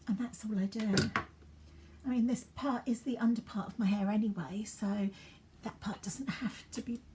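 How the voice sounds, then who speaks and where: A woman's voice: a little high, slight background noise. Chatty woman in her fifties. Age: 50s. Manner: chatty, rambling, drops into soft asides while working. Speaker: beauty vlogger. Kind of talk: chatty get-ready-with-me vlog.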